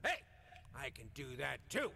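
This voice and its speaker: A man's voice: mid-range voice, huge pitch swings, moderate pace, gravelly, sharp tone, a little hiss or hum, heavily acted. An actor playing a drunken, bitter middle-aged male painter in a video game, who lurches from mocking outbursts to remorseful apologies.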